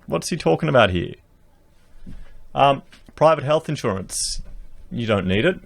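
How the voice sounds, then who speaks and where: Recorded up close on a podcast dynamic mic, this Australian man has a creaky voice on the high side. He reads the news aloud to his viewers and responds with emphatic, rhetorical political commentary.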